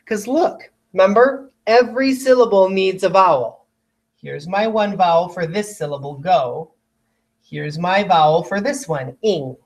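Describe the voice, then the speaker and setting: Patient teacher sounding out words. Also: mid-range voice. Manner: stretches words apart slowly to demonstrate sounds; patient, addresses young students directly. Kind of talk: recorded phonics lesson for children.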